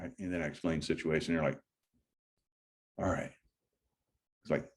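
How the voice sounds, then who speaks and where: A man's voice: low voice, sing-song, brisk, long pauses. A middle-aged man chatting casually on a livestream, rambling and often breaking off mid-sentence. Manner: rambling, chatty, self-interrupting. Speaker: livestream host. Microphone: phone or computer mic.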